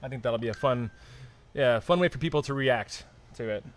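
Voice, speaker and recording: A man's voice: mid-range voice, fairly quick. Loose, musing man chatting on a live stream. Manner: loose, musing, trails off and restarts. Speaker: podcast co-host. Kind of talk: casual chat on a live stream.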